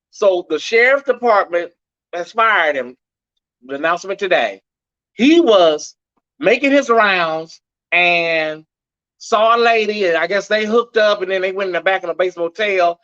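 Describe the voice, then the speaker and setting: A man's voice: sits high, bright, forceful tone, dry recording, highs cut off. A man hosting a live headline show, delivering the news in a sassy, gossipy way and greeting viewers by name.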